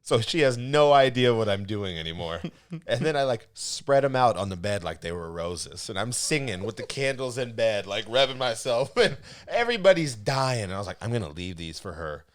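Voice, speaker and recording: A man's voice: on the low side, normal speed. A man co-hosting a podcast, telling a funny story in casual chat and laughing often as he goes. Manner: laughs often while telling stories, animated. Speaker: podcast co-host.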